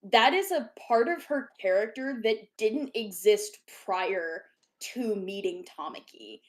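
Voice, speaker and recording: A woman co-hosting a casual book club chat, animated and laughing often as she defends a series. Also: mid-range voice, a little slow. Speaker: podcast co-host.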